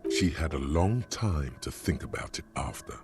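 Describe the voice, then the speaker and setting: A man voicing the grave, measured narrator of a detective video game, with a deep gravelly voice. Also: animated, loud music behind the voice, heavily acted. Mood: somber.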